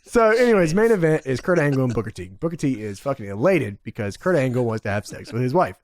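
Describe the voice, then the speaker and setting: A man co-hosting a podcast in casual chat, retelling a show with excitement, laughing often and swearing freely. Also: mid-range voice, fast, no room sound, studio quality. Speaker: podcast co-host.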